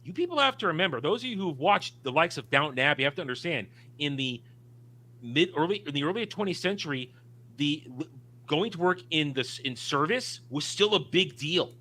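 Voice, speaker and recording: Emphatic bright-voiced man discussing a film. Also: a little high, animated, a little fast. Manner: emphatic, opinionated, frequent restarts. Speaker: podcast co-host.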